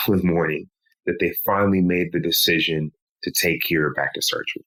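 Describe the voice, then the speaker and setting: A man, a podcast guest, recounting a painful personal story in a slow, measured way. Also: low-pitched, a bit bright, rough recording. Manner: slow, measured telling with pleading quoted lines.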